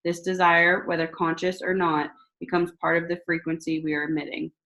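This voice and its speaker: A woman in her thirties hosting a casual astrology talk, chatty and animated, swearing freely as she tells stories. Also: fairly low pitch, brisk, highs cut off. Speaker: spiritual host.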